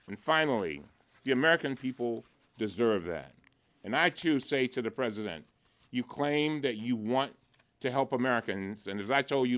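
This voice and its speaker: A man's voice: mid-range voice, fairly bright tone. A congressman giving an impassioned press conference speech, driving his points home with rhetorical repetition.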